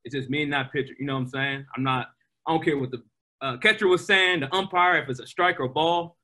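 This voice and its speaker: A young man, a pro baseball player, telling animated stories in a casual interview, full of fillers. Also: on the high side, quick pace. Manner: animated, excitable, many fillers. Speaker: guest, professional baseball player.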